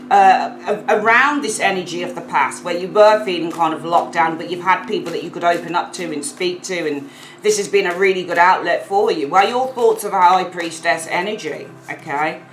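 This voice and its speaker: A woman giving a casual weekly tarot reading to camera, chatty and expressive, swearing now and then and acting out the figures on the cards. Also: lowish voice, a little fast, echoey room, faint music behind, low-quality recording. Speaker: tarot reader.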